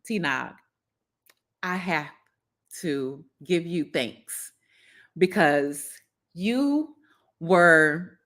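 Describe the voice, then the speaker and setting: Southern lady chatting slow on her garden livestream, gushing thanks over and over. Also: fairly low pitch, lively intonation. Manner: warm, effusive, repeats her thanks. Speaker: gardening channel host. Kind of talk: casual livestream chat.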